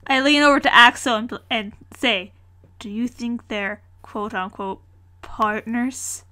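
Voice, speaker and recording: A woman player in a tabletop game, playful and deadpan. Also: on the high side, slow. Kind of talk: casual tabletop play.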